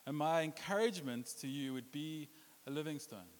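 A man's voice: fairly high pitch, normal speed. A man preaching a sermon as pastor, playful and joking, slipping into put-on voices for quotes. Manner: playful, jokes and puts on accents. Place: church hall with a congregation. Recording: long hall reverb.

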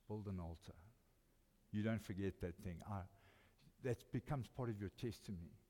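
An older man with a South African accent preaching a sermon, swinging between loud emphatic lines and quiet, intimate ones. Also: mid-range voice. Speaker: pastor. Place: church hall. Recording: long church reverb.

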